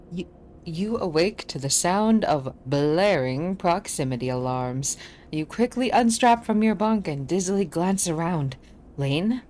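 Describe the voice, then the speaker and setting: Brief: low-pitched female streamer, laid-back, self-deprecating, reads game narration aloud. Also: darkish tone. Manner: casual, self-deprecating, laughs often. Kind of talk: playing a game and reading its text aloud.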